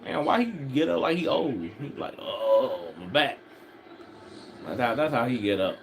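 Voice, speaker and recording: A man casually commenting on a football game as he watches, rambling, slangy and animated, often starting with "I was like.". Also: medium pitch, fairly quick, gravelly, background noise.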